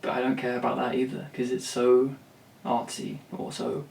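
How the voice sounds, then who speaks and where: A man's voice: mid-range voice, completely flat delivery, moderate pace, creaky, a little mellow. Blunt, rambling man, roomy and distant. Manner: rambling, blunt, swears freely, many restarts. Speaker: songwriter and vlogger. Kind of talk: rambling talk to camera. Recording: roomy, distant from the mic, faint ambience.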